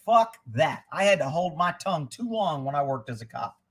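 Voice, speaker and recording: A middle-aged man hosts a live stream and rants with heavy profanity. His voice sits high and swings widely in pitch. It has a bright, slightly husky edge. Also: expressive, fast talker. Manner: profane, heated ranting; reads news headlines then reacts. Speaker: livestream host.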